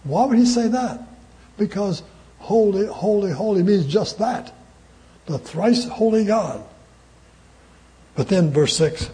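A man's voice: high voice, expressive, slow, pauses often, warm tone. A man preaching a sermon emphatically, repeating key words and chuckling between his points.

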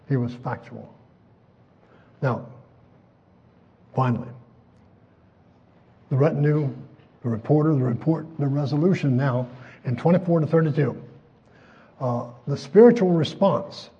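An older man preaching a folksy sermon, chuckling often and acting out the voices in the passages he quotes. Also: on the high side. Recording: dull lo-fi recording.

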